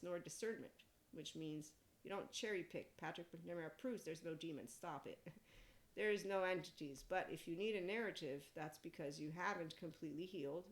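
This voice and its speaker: Woman podcast host, low voice, loose rambling monologue, blunt, laughs a lot. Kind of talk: casual spiritual monologue.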